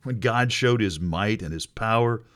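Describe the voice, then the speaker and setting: A middle-aged male pastor preaching a sermon, expressive and wry, with sudden jumps in pitch for emphasis. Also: a little slow.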